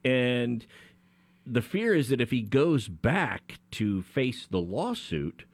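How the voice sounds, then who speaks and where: A man's voice: mid-range voice, big pitch swings, slow, no echo. A man co-hosting a radio talk show as an attorney, explaining a legal case in a conversational way with frequent restarts. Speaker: attorney co-host.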